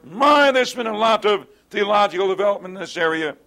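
A man's voice: high-pitched, animated, brisk, gravelly, sharp tone. A man teaching a Bible study in an earnest lecturing way, often asking rhetorical tag questions of his listeners.

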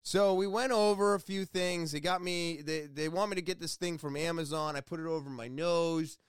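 Talkative man, high voice, dry close sound, rambling excitable vlog storytelling, swears a bit. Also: normal speed, clean tone, no room sound. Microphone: headphones with mic.

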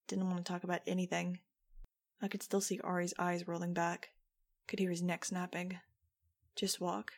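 Female audiobook narrator, flat, even read, fry-tinged low voice. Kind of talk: first-person audiobook narration.

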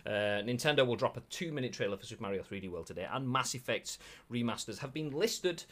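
A man's voice: medium pitch, lively intonation, fast, fairly bright tone. A man with a Yorkshire accent co-hosting a gaming news show, chatting casually and reading out viewer comments. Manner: rambling, self-deprecating, lots of filler.

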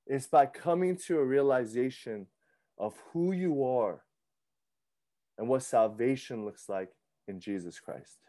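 A man in his thirties preaching a sermon in a conversational, animated way, often repeating himself and acting out his own thoughts. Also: mid-range voice, unhurried. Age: 30s. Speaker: pastor.

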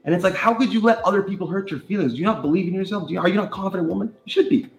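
A man argues fast and defensively, sarcastic and swearing. His voice sits in a roomy space with faint music behind. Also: high voice, creaky. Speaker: streamer in a played clip. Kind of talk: heated argument.

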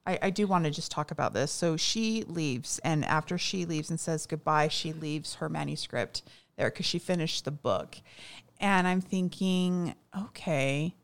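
A woman co-hosting a casual chat, retelling scenes haltingly with many fillers and quoted lines. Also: sits low. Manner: hesitant storytelling with many fillers, acting out quotes. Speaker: podcast co-host. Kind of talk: casual chat recapping a TV movie.

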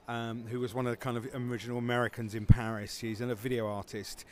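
A man's voice: mid-range voice, flat delivery, fairly quick, few pauses. Rambling man, faint background hiss. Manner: rambling, many fillers and restarts. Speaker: film festival founder. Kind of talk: casual interview answers.

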